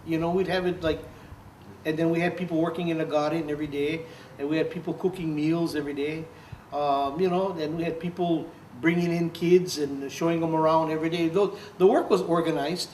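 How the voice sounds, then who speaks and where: An older man, a former activist, tells stories in an oral history interview, laughing often and acting out what others said. His voice is a little high and a little mellow, fairly quick, with fairly even intonation. The mic is distant, the room roomy, and there's faint background noise.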